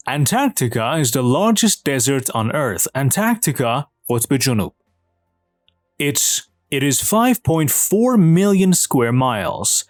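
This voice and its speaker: A man with Persian as his first language, teaching English and switching between slow textbook reading and quick explanations in Persian. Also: medium pitch, dry recording, clean studio sound. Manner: reads textbook lines slowly, then explains quickly in Persian. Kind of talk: bilingual language lesson.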